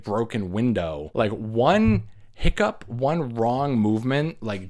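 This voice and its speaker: A man casually recapping a horror movie, animated, acting out the characters and laughing as he goes. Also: lowish voice. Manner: animated retelling, acts out characters, laughs often. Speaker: movie reviewer.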